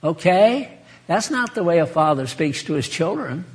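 A man's voice: on the high side, very animated, moderate pace. A man preaching an informal sermon in a chatty, folksy way, laughing and speaking to listeners by name.

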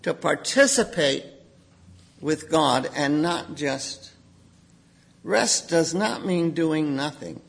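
A man preaching a sermon, animated, acting out quoted voices with sudden outbursts. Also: on the high side, slow, creaky, pauses often, slightly rough.

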